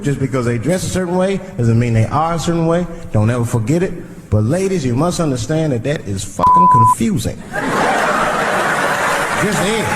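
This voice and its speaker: Man, stand-up comedian, profane storytelling, animated delivery, loud audience and room noise. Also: fairly high pitch, in a large hall. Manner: profane storytelling, acting out other people's lines in shouts. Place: live comedy venue with a laughing audience. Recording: live crowd and loud ambience.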